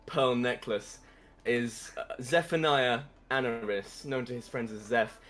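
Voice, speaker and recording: A man's voice: mid-range voice, measured pace, a bit bright. A man playing a tabletop game, introducing his character with playful grandeur. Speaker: player.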